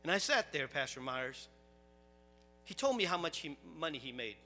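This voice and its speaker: Male pastor, high and bright, animated sermon delivery, reverberant hall. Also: moderate pace, faint music behind. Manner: animated, rising to loud preaching.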